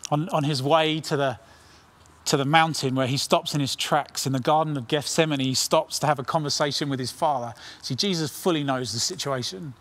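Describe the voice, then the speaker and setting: A middle-aged man preaching a sermon with earnest intensity, dropping his voice low on key lines. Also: a bit bright. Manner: earnest, dramatic pauses, drops to near whisper on key lines.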